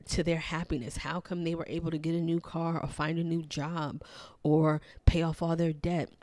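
A young adult woman speaks in a low, warm, relaxed register, hosting a casual self-help talk. She circles back over her points and repeats herself, with frequent fillers and little laughs. The sound is dry and close, with no room echo. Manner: reflective, repetitive, filler-heavy, laughs lightly. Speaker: podcast host.

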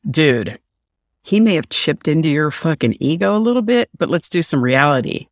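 A man's voice: mid-range voice, moderate pace, gravelly, dry recording, clean studio sound. A middle-aged man hosting a podcast, ranting solo in a sarcastic, profane way. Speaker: podcast host. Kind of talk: solo opinion rant.

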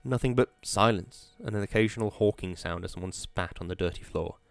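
A man reading an audiobook in a measured, atmospheric storytelling manner. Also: lowish voice, clear, resonant tone, dry recording. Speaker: narrator. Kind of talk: audiobook narration.

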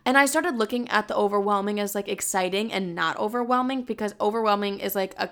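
Young woman vlogging, super chatty, lots of "like", vocal fry. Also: medium pitch, quick pace, a bit bright. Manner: chatty, frequent "like", candid with swearing. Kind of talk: casual chat.

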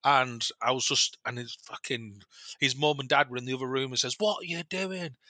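A man's voice: medium pitch, a little fast, no echo. A man, a podcast guest, telling a personal story in a rambling way with many restarts and quoted dialogue. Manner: animated retelling with quoted dialogue. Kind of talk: casual storytelling.

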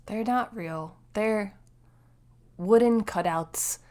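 Slow-talking wry woman. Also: medium pitch, a little mellow. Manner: wry, chimes in with quips. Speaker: podcast co-host. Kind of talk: casual movie review chat.

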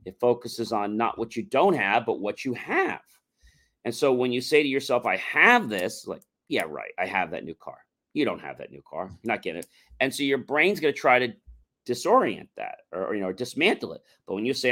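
A man's voice: mid-range voice, big pitch swings, fairly quick, fairly bright tone. A man on a talk show explaining a mindset technique, coaching listeners and acting out repetitive self-talk.

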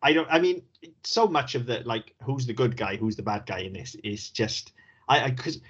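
A man's voice: mid-range voice, moderate pace, slightly rough. A man co-hosting a podcast, chatting casually and swearing as he mocks a film. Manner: sweary, laughing, animated storytelling. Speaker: podcast co-host. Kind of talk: casual film review chat. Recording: dull lo-fi audio.

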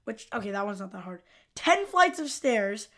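A woman's voice: medium pitch, big pitch swings, moderate pace, fairly bright tone. A woman co-hosting a casual podcast, teasing her co-host and laughing often while reviewing an episode.

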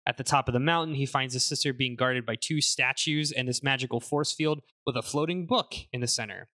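A man hosting a casual podcast, recapping a game's story in an animated way with fillers. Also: medium pitch, a little fast. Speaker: podcast host summarizing a game. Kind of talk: casual chat.

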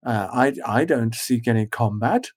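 A man's voice: lively intonation, moderate pace, natural voice. A man voicing a polite, pompous old man who talks in fussy, formal phrases. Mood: eager. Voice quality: high, fussy, formal wording.

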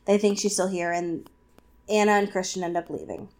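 A woman co-hosting a casual podcast, recapping a novel chapter with lots of fillers and quick asides. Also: on the low side, fairly even intonation, darkish tone. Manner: chatty, filler-heavy, acts out characters in quick asides. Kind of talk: casual chat.

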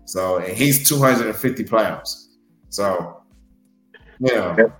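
A man's voice: fairly low pitch, takes it slowly, echoey room, faint music behind, rough recording. A man, a pro wrestler, telling stories about a match in an earnest, rambling way full of fillers on a podcast. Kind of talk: podcast interview storytelling.

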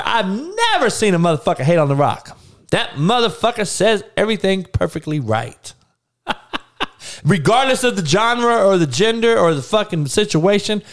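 A man hosting a podcast, ranting casually and profanely to his audience with frequent laughing asides. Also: high-pitched. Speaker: podcast host.

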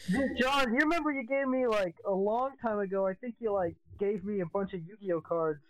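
A man's voice: high voice, a little fast, rough recording. A man joining a casual podcast chat, joking with friends.

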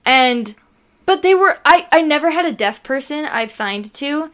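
A woman's voice: high voice, expressive, a little slow, fairly bright tone. A young woman co-hosting a podcast, chatting casually, telling stories and laughing often. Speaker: podcast co-host. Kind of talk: casual chat.

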